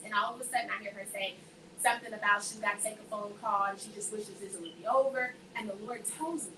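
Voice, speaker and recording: A woman's voice: medium pitch, fast talker. A woman giving a faith testimony to a group, telling her story with energy and acting out the voices of the people in it. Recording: echoey room, voice from a distance, faint background noise.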